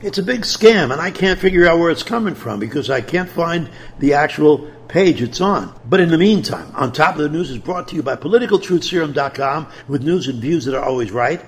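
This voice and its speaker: Animated, joking talk radio man. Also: fairly high pitch, fairly quick, hardly any pauses. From South Texas. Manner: jokey, shifts into loud outbursts. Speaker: radio show host. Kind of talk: talk radio news and banter.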